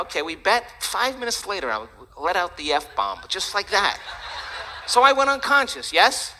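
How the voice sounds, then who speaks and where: A man giving a lively, joking talk to an audience, chatty and animated. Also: high-pitched, moderate pace, noisy background. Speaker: speaker.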